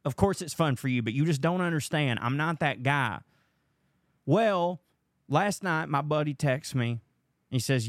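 A man's voice: on the high side, lively intonation, a little slow, no room sound, clean studio sound. A young man hosting a podcast, rambling through a profane, casual monologue. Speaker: podcast host.

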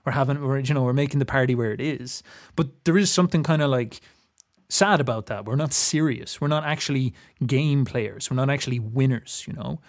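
A young Irish man talks in an earnest, reflective way, drifting into philosophy as he goes. He often stops and restarts his sentences mid-thought. His voice sits at an ordinary middle pitch for a man. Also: brisk. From Ireland. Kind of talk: reflective casual talk.

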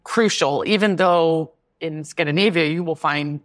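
A woman's voice: sits low, measured pace. A woman who is a baker and guest, explaining things in an easygoing, conversational way. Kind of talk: casual interview conversation.

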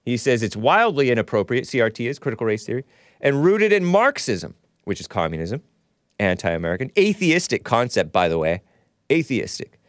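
A man's voice: mid-range voice, very animated, moderate pace, no room sound, clean studio sound. A man hosting his own podcast, delivering solo political commentary in a combative, sarcastic rant with frequent restarts and self-corrections. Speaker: podcast host.

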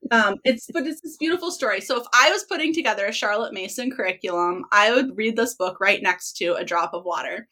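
A woman's voice: medium pitch, a little fast, hardly any pauses, bright, forceful tone, poor audio. A woman hosting a podcast, chatting enthusiastically about books and laughing often. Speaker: podcast host. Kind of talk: casual book chat.

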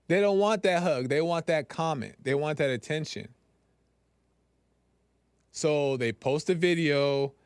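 A man's voice: a little high, dry recording. A man hosting a solo podcast, talking in a casual, conversational way, repeating phrases for emphasis. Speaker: podcast host.

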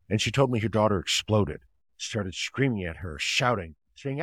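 A man's voice: fairly low pitch, normal speed, dry recording. A man, a family doctor and author, answering interview questions with long stories and acting out the people in them. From United States. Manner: acts out quoted voices in anecdotes, animated retelling. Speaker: family physician and author, podcast guest.

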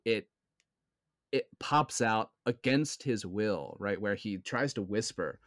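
A man's voice: fairly low pitch, expressive, slow, a bit bright, no echo, clean studio sound. A man in a casual film discussion, speaking earnestly and often checking in with his listener. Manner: earnest, keeps checking in with "right?". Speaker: podcast co-host.

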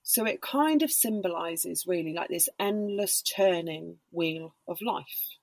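Low husky lady on a podcast, lots of "like" and "really", dry close sound. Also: no room sound. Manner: explains slowly with many hedging fillers. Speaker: podcast guest, Reiki practitioner and embodiment coach. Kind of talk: casual podcast chat.

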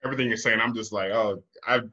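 Man in his thirties, bright tone, hesitant casual talk, dull lo-fi audio. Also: fairly low pitch, steady tone, quick pace. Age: 30s. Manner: rambling, hesitant storytelling with filler. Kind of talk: casual chat.

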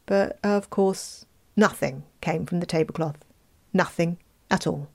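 A woman reading a fairy tale aloud, expressive, with playful asides. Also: fairly low pitch, unhurried, gravelly. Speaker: storyteller.

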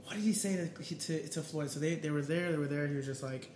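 A fairly high-voiced man co-hosting a loose podcast chat, recorded in a room with noticeable echo. He talks in an animated way, laughing often and acting out quotes with a raised voice. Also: quick pace. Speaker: podcast co-host. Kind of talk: casual chat.

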